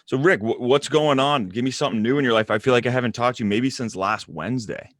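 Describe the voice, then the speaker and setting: A man's voice: mid-range voice, fast talker, fairly bright tone, no echo, clean studio sound. A man co-hosting a casual podcast, joking and bantering with his co-host. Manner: laid-back, joking banter. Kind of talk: casual chat.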